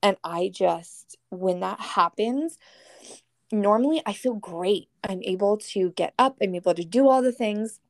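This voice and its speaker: Woman podcast guest, candid and emotional, a creaky edge, close dry sound. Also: medium pitch, expressive, unhurried, dry recording. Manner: candid, emotional, swears casually. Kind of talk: casual storytelling chat.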